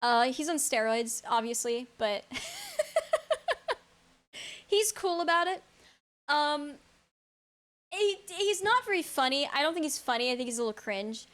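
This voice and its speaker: A young woman streamer rambling in casual chat with her viewers, blunt and quick to laugh, swearing freely as she answers chat. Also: high-pitched, expressive, a bit bright. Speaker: live streamer.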